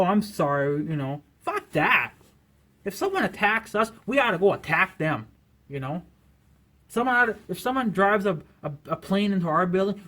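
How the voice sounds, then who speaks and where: A man's voice: high-pitched, fairly bright tone. A man vlogging an angry political rant to camera, swearing constantly, talking in a heated way and leaning on "you know" as filler.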